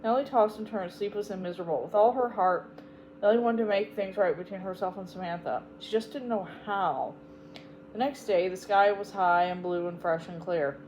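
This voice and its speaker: A woman hosting her own channel, reading a children's storybook aloud with expressive, emphatic delivery. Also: medium pitch, a little hiss or hum, low-quality recording. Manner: expressive, emphatic, tender at sad parts. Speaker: audiobook reader, channel host.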